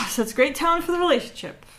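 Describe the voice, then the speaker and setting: A woman's voice: high voice, lively intonation, normal speed, pushed and bright, a little hiss or hum. A woman co-hosting a podcast, recapping a book in a blunt, sarcastic, casual way. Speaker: podcast co-host. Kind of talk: casual chat and chapter recap.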